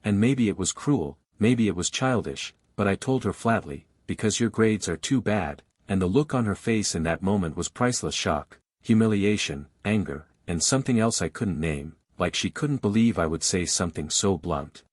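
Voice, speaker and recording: A man telling a first-person romance story with a lowish voice, in long, unbroken sentences that keep a steady flow. The sound is dry and close, with no room around it. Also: normal speed, few pauses, dry recording. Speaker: narrator.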